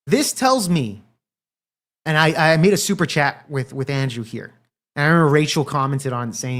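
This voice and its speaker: A man's voice: fairly high pitch, animated, normal speed, fairly bright tone. Profane rambling male streamer. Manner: talks straight to live chat. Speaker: livestream commentary host. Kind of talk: casual livestream commentary.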